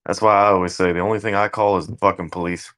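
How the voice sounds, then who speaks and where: A man's voice: low-pitched, steady tone, fast talker, no echo. A man hosting a casual podcast chat, swearing and joking a lot. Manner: swearing, joking, bursts into loud laughing shouts. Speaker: podcast host.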